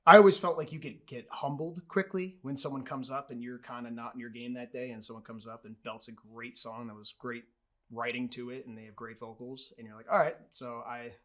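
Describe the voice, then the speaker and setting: A man talks fast and eagerly as a guest musician in a casual interview. His voice sits in a middle pitch, and he stresses his points emphatically with frequent laughs. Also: fairly even intonation.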